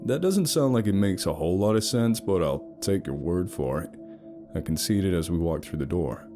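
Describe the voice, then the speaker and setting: A man's voice: low voice, animated, normal speed, over music. A man narrating a first-person romance horror story in a wry, sarcastic storytelling manner.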